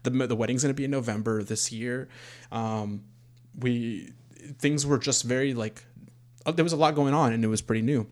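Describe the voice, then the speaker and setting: A thirty-year-old podcast host expecting his first child tells a long personal story in casual chat. He rambles candidly with some swearing, speaking at normal speed in a mid-range, darkish voice.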